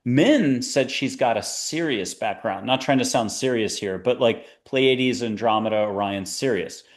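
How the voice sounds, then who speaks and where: A man hosting a spiritual talk show, chatting in a rambling, animated way that jumps between ideas. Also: medium pitch, a little slow. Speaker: podcast host.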